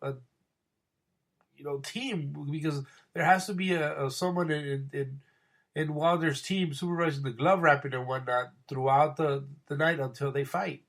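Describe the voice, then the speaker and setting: Rambling, profane man with a higher voice. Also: fairly even intonation, normal speed, fairly bright tone. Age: adult with wife. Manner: rambling, profane, frequent restarts. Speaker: boxing podcast host. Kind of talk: casual opinion monologue.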